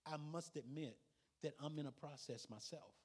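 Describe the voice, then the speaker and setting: A man's voice: fairly high pitch, normal speed, breathy edge. A male pastor preaching a sermon in a folksy, conversational way, with asides to the congregation.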